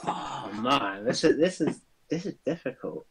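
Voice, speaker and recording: A man's voice: mid-range voice, expressive, a little slow, gravelly, noisy background. A man co-hosting a podcast in casual chat, swearing freely and plugging the show. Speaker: podcast co-host.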